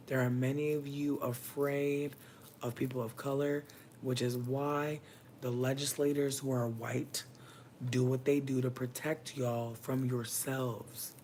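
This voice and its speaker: A livestream host speaking straight to viewers and chat in an impassioned, preachy monologue, heavy with profanity, the pitch jumping up sharply for emphasis. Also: a little hiss or hum. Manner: addresses viewers and chat directly. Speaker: livestream host giving readings.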